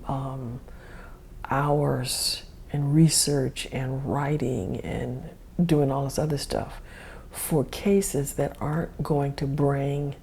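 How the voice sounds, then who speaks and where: A woman's voice: a bass voice, creaky, dark tone, a little hiss or hum. A woman hosting a podcast, telling a personal story in a rambling, self-correcting way and chuckling often. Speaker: podcast host. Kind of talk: casual storytelling monologue.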